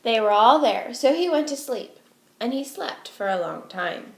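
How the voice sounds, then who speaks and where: A woman teacher reading a storybook aloud to young children, expressive and slow, asking her listeners questions. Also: fairly high pitch, creaky, slight background noise. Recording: echoey room.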